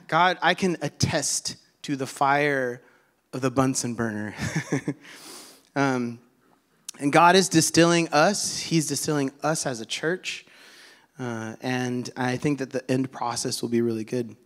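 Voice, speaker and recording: A man preaching a sermon in a relaxed, conversational way, with asides to the congregation. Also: medium pitch.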